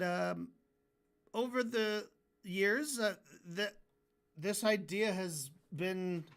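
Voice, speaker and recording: A man's voice: high voice, a bit bright. A man livestreaming while he draws, ranting casually and frankly, swearing and often restarting his sentences. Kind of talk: casual rant during a drawing stream.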